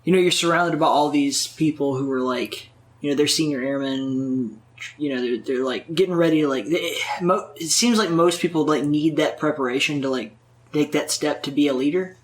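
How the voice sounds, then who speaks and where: A man in casual conversation, telling stories in a profane, animated way full of filler words. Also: on the high side, normal speed. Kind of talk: casual chat.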